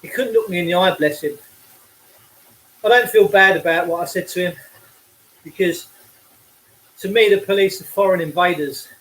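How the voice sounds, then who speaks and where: A man's voice: high-pitched, normal speed, long pauses, a bit bright, poor audio. An out-of-breath Englishman, delivering a blunt, preachy livestream rant while cycling outdoors, speaking into a phone.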